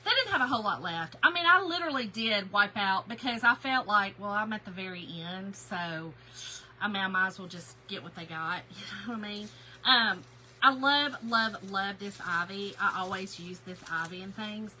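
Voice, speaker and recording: Chatty excitable woman, bright voice. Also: mid-range voice, moderate pace, rough recording. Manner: chatty and excitable, greets viewers by name. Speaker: craft channel host. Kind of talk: casual livestream haul chat.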